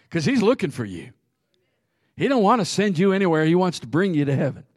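Lively higher-voiced male preacher. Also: brisk, no room sound, studio quality. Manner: animated, laughs often, calls out to the congregation. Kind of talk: sermon with humorous storytelling.

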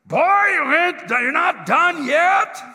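A man voicing a huge, gruff German dairy farmer who bellows orders, with a German accent. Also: takes it slowly, big-room sound, exaggerated voice. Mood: bellowing. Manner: booming shouts from below.

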